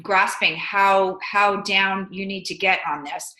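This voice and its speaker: A woman's voice: mid-range voice, fairly even intonation, slow pace, sharp tone, reverberant, rough recording. An American woman hosting a vlog interview, talking in an effusive, enthusiastic way. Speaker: vlog host. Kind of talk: conversational interview.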